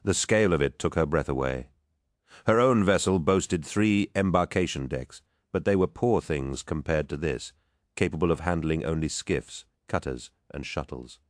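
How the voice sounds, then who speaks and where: A man reading an audiobook in steady, measured scripted narration on a close studio mic. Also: rumbling low, no echo.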